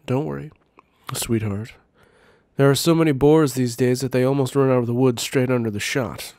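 A man's voice: mid-range voice, moderate pace, darkish tone, no echo, clean studio sound, close to an everyday voice. A man reading the lines of a protective, blunt hunter husband in a game, in an earnest tone. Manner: earnest read-aloud delivery.

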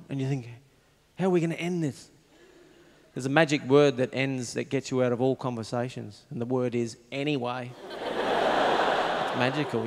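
A man with an Australian accent telling a stand-up comedy routine in a laconic, deadpan way, acting out little voices. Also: medium pitch, long reverb tail, slight background noise. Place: stage before a live audience. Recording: live show with loud crowd laughter. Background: loud audience laughter.

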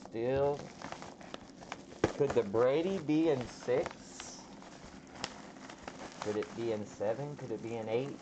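A man hosting a casual card break, calling out players with slow, drawn-out reactions as he opens packs. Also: medium pitch. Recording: slightly dull audio with faint background noise.

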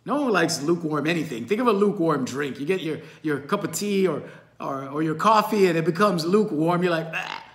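Guy doing an earnest bible study video, kinda higher voice, roomy echo. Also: lively intonation, fairly quick, fairly bright tone. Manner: earnest and encouraging, addresses listeners as friends.

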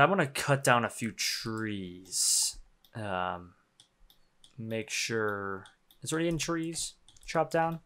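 A young man casually commenting on his own gameplay, swearing freely, laughing often and getting worked up. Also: medium pitch. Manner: profane, excitable, laughs often. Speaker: game streamer.

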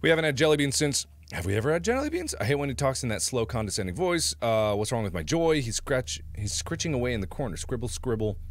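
Jokey man doing gameplay commentary, lively swings in pitch. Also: fast, few pauses. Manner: animated, jokey, laughs often. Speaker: let's-play host.

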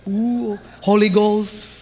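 A man with a Hawaiian Pidgin-tinged accent doing loud, animated live stand-up in a large theatre. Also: high-pitched, slow, in a large hall. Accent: Hawaiian Pidgin-tinged English. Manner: loud, animated, shouting punchlines. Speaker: stand-up comedian. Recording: live theatre recording with audience noise.

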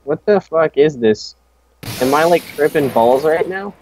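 A man's voice: fairly high pitch, expressive, a little slow, a little mellow, slight background noise. A young man playing a horror game with a friend, joking sarcastically and swearing often. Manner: sarcastic, swears a lot, jokey. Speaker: gamer, channel host. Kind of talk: casual let's-play banter. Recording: dull lo-fi mic with faint game music.

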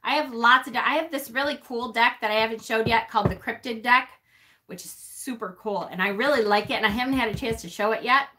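Bright-voiced chatty woman streamer. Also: a little high, fast talker. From North Carolina. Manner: chatty, teasing, laughs often, swears. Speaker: witchy livestream host. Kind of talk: casual live-stream chat reading comments.

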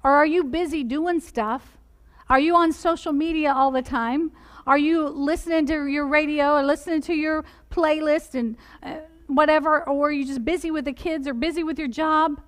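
A woman preaching a sermon in a church, earnestly putting direct questions to her listeners and softening her voice for the gentle points. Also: sits high, fairly even intonation, normal speed. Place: church sanctuary.

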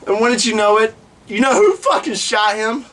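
A man's voice: high-pitched, normal speed, distant mic. A man vlogging comic stories, cursing freely and acting out the people in them. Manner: profane, animated, acts out the people in his stories. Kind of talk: comic storytelling.

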